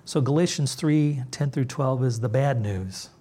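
A man preaching a sermon as pastor, emphatic, dropping low and soft on key words. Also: unhurried, slightly rough.

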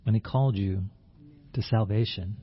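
A man's voice: fairly low pitch, moderate pace, husky, dull audio. A man preaching a sermon in a conversational way, acting out the scene and often restarting his words. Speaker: pastor.

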